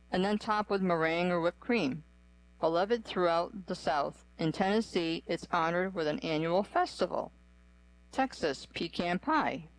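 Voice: medium pitch, rough recording. A narrator giving a scripted, evenly read-aloud run through a list.

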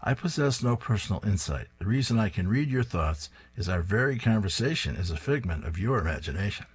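A dry, matter-of-fact talking hat from an old comic strip, low and quiet, as a man puts it on. Husky, flat and unbothered. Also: a little fast.

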